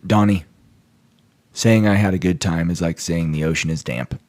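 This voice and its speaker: Excitable low-voiced man telling stories. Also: normal speed, no room sound. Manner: excitable, storytelling, jokey exaggeration. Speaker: podcast co-host. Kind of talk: casual sports podcast chat.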